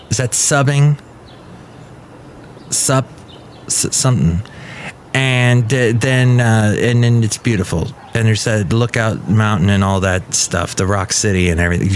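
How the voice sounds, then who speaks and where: A man hosts a podcast, chatting casually through the news and drifting onto tangents, rambling and correcting himself as he goes. His voice sits on the low side, with a little hiss or hum in the recording.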